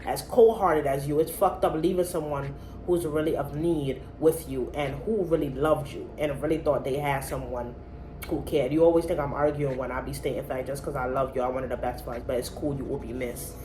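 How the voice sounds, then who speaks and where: A woman voicing a sulking, self-pitying adult man, an ex-lover, reading his texts in a low, quiet, mopey voice. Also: fairly even intonation, brisk, roomy sound, slight background noise, rough recording. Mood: sulky.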